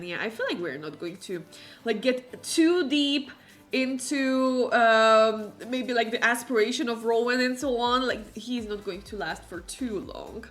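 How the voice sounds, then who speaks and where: Woman streamer, higher-pitched, gabbing excitedly over gameplay with faint background music. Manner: chatty, exclamatory, many fillers. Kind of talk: casual gameplay commentary. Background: faint game music.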